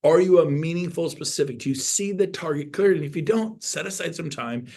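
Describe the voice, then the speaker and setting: A middle-aged man giving an energetic, folksy motivational talk to an audience, now and then breaking into loud outbursts. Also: a little high, brisk. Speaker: motivational speaker.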